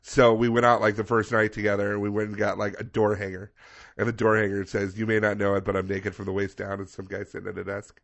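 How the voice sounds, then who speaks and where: A man with a fairly low voice spins a long anecdote in casual podcast chat. He is animated and profane, and he slips into brief voices for the people he quotes. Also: fast talker, gravelly. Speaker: podcast co-host.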